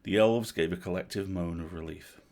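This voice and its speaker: A man with a very low voice tells a bedtime horror story on a livestream. He reads in a steady, measured way, letting each line land before moving on. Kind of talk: reading a horror novel aloud.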